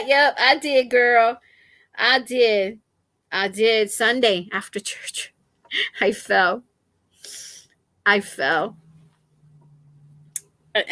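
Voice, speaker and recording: A woman's voice: on the high side, bright, forceful tone, dry recording. A middle-aged woman chatting casually on a live stream from home, laughing often as she tells stories to her viewers. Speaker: crochet channel host. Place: at home, lying down with feet raised. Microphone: laptop.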